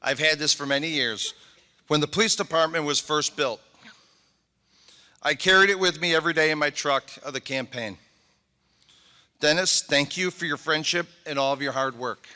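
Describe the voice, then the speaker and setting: A man's voice: fairly high pitch, moderate pace, long pauses, sharp tone. Emotional middle-aged man speaking in an echoey hall. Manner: heartfelt and emotional, thanking people one by one. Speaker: mayor. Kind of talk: inauguration speech. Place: large convention hall.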